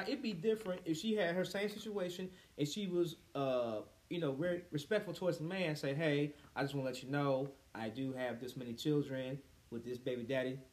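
A young man in casual podcast chat, telling profane stories and acting out the people he quotes. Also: a little high. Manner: profane, animated storyteller who acts out quotes.

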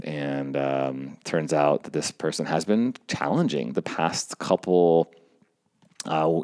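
A man's voice: low voice, darkish tone, dry recording, clean studio sound. A man casually telling a story about his work as an event stage manager, rambling with fillers and acting out what people said. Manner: conversational, rambling with fillers, acts out quoted lines.

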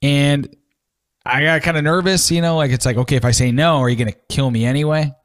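A man's voice: medium pitch, fast talker. A man co-hosting a radio show, chatting casually in a laid-back, teasing way and trailing off mid-sentence. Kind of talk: casual chat.

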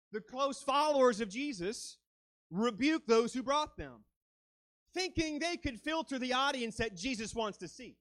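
A man's voice: sits high, no echo. A man preaching a sermon as a guest speaker, fervent and dramatic, rising and falling as he acts out quoted lines.

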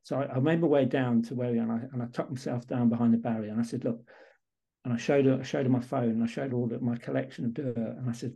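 A man being interviewed as a guest in a casual chat, talking in halting bursts with many restarts and repeated words. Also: mid-range voice, fairly even intonation, creaky, warm tone, husky, low-quality recording. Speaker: interview guest, baseball photographer.

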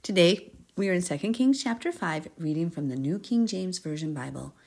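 A woman hosting a Bible podcast, reading scripture aloud and breaking off into expressive, giggly commentary. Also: lowish voice, moderate pace, vocal fry, breathy edge. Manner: expressive, giggly, acts out characters in paraphrase.

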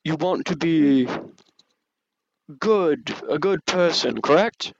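A man voicing a majestic male dragon god with a deep, booming voice, speaking in slow, solemn, measured judgment. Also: no room sound, lo-fi sound.

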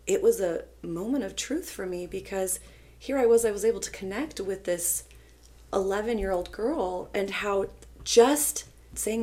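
A woman teacher tells a story in a casual podcast chat, with a slight gravelly fry in her mid-range voice. She moves between soft, hushed quoted lines and bright, excited bursts. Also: normal speed. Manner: animated storyteller, quotes students in soft low tones.

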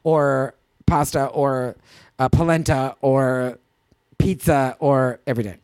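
A woman's voice: very deep voice, steady tone, takes it slowly, a little mellow, no echo. A woman co-hosting a podcast, chatting casually and gushing as she tells a story. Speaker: podcast co-host. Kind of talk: casual chat.

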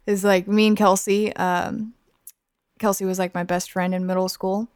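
In casual podcast chat, a young woman guest tells a story packed with filler words, her voice smooth and moderately paced. The studio-quality recording has no room sound, and she animates her storytelling by acting out high-pitched voices.

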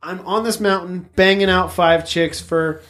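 A woman's voice: lowish voice, steady tone, a little slow, a bit bright. A woman co-hosting a podcast, telling a crude, boastful story in casual chat. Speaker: podcast co-host.

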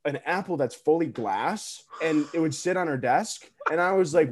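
Young male podcast co-host, higher-pitched, lively storyteller who swears. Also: moderate pace, few pauses. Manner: animated storyteller, acts out quotes, swears. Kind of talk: casual chat.

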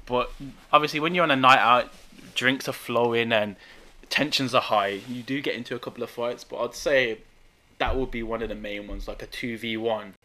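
A young man with a Birmingham accent telling a story in animated, slangy casual chat, often laughing. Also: medium pitch, moderate pace. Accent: Birmingham English. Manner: animated, laughing, street slang, frequent tag questions. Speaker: guest storyteller.

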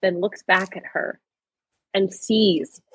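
A woman's voice: mid-range voice, steady tone, slow pace, fairly bright tone, breathy edge, no echo, rough recording. A woman co-hosting a podcast, retelling film scenes with emotional enthusiasm in casual chat. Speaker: podcast co-host.

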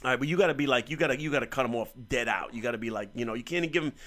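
A man's voice: mid-range voice, very fast, fairly bright tone. A male radio host giving crude, profane comedic advice to a caller in a brash, riffing manner.

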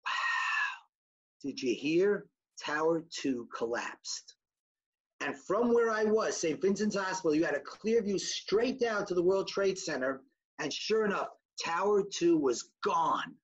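Husky-voiced man telling a story. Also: sits high, lo-fi sound. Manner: vivid storyteller acting out quoted dialogue. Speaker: speaker giving a testimony talk. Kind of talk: storytelling talk to an audience.

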